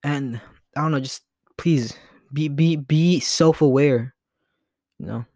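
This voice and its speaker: A man's voice: a little high, slow pace, mellow, no room sound, studio quality. A young man hosting his own podcast, talking in a rambling, earnest way with lots of restarts, his voice sometimes breaking with emotion. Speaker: podcast host. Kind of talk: casual solo podcast monologue.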